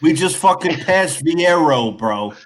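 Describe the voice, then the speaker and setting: A man's voice: fairly high pitch, lively intonation, takes it slowly. A man in his late thirties with a Long Island accent, bantering in a casual podcast chat. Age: 30s. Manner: bantering, drops blunt one-liners. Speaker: podcast co-host.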